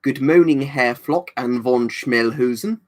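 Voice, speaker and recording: A man voicing a bumbling English male policeman who poses as French and mangles his vowels into rude slips. He speaks slowly. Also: medium pitch, close to an everyday voice. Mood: deadpan.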